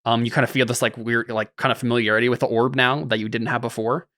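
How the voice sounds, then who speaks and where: A man's voice: medium pitch, little pitch movement, fast talker, sharp tone, no room sound, clean studio sound. A man narrating as the game master of a tabletop game, in a loose, rambling way with many fillers.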